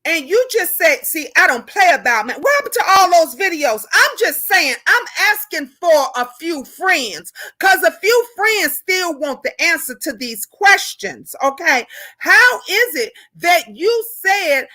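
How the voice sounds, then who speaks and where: Fiery high-voiced woman ranting live. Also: big pitch swings, a little slow, bright, forceful tone. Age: older. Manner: fiery, preachy, repeats rhetorical questions. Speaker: live stream host.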